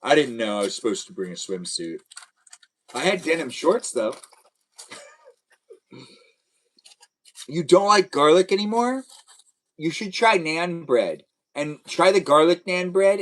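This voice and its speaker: A man's voice: a little high, sing-song, measured pace, pauses often, low-quality recording. A young man hosting a casual live stream, chatting playfully and answering viewers' comments.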